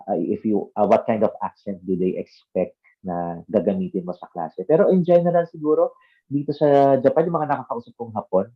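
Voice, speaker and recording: Filipino man hosting a Taglish chat, dull audio. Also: on the low side. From Philippines. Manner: conversational, mixing Tagalog and English, frequent "no?" tags. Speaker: vlog host and ALT teacher. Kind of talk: casual Taglish panel chat.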